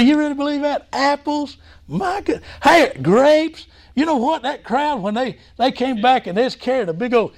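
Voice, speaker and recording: A man preaching a sermon in a folksy, excitable way. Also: very high-pitched. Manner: folksy, excitable preaching with repeated "hey, listen".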